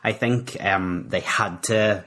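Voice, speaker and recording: A man's voice: lowish voice, steady tone, slow, bright, forceful tone. A man co-hosting a podcast in casual chat, chatty and full of tag questions, coughing and spluttering now and then. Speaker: podcast co-host.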